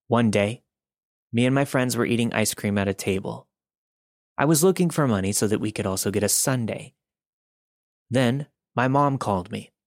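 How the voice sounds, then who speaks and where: A man reading listener-submitted stories aloud as a podcast host, in a calm, steady first-person storytelling delivery. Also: lowish voice, gravelly, no room sound, clean studio sound. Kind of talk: scripted first-person narration.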